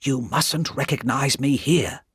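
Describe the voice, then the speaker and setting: A man voicing a frightened spy who speaks in a low, hushed voice. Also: slow, husky, dry recording, clean studio sound, heavily acted.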